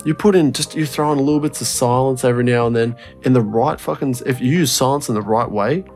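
A man with a mid-pitched voice, co-hosting a podcast and eagerly breaking down technical details with plenty of swearing. Faint music plays behind him. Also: quick pace, darkish tone. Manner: enthusiastic, sweary, explaining in detail. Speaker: podcast co-host. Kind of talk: casual chat.

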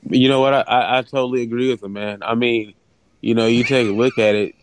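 A man's voice: medium pitch, fairly even intonation, a little fast, slight background noise. Sarcastic, profane male podcast co-host. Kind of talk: casual sports chat.

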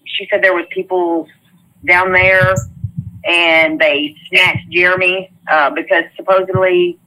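A middle-aged woman with a drawl tells a long story in loose, halting bursts, doubling back as she goes. Her voice has a bright, sharp edge. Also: fairly low pitch, level tone, low-quality recording. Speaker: interviewee. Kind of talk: casual spoken recounting.

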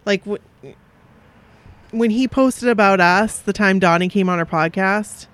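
A woman's voice: mid-range voice, a little slow, a bit bright. A woman co-hosting a podcast, chatting casually in a giggly, effusive way and reading listener mail aloud. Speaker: podcast co-host.

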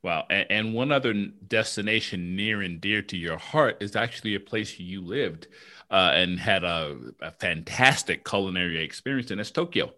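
A man hosts a podcast in a casual interview. His low voice has a bright, forceful edge, and he chats easily while prompting his guest with questions. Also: moderate pace. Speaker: podcast host.

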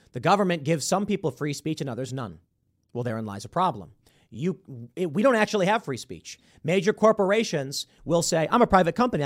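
A man hosting a political talk show, giving sarcastic, rambling opinion commentary. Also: fairly high pitch. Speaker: political podcast host.

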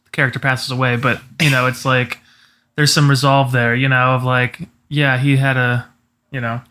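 Bright-voiced young man, rambling podcast chat. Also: medium pitch, level tone, normal speed. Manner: rambling, many "you know" fillers. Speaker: podcast co-host. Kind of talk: casual chat.

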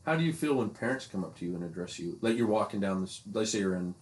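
A man's voice: fairly low pitch, expressive, quick pace, a little mellow, a little hiss or hum. A man who coaches, co-hosting a casual podcast chat, who asks his partner questions and laughs easily.

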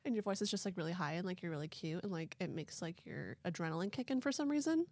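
A woman's voice: lowish voice, expressive, fast, darkish tone, no echo. A woman co-hosts a podcast in a loose, joking chat. She talks playfully and swears freely, her voice close and dry on the mic with no room sound around it. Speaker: podcast co-host. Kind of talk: casual chat.

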